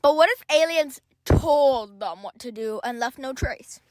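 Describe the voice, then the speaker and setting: Woman, co-host for a kids' history script; teasing, playful, very animated high voice, dry read. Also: unhurried, no echo, poor audio. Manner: playful, teasing, keeps suggesting aliens.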